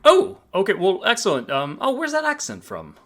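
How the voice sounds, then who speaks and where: A game master voicing a polite, hesitant male maitre d' in a tabletop game, pitched up. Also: wildly swooping pitch, moderate pace, a bit bright, full character voice. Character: fussy male restaurant maitre d'.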